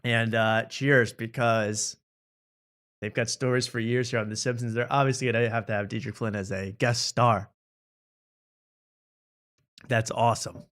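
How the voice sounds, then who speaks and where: A man hosting a comedy talk show, riffing in a sarcastic, fast-moving way. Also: mid-range voice, fairly even intonation, a bit bright.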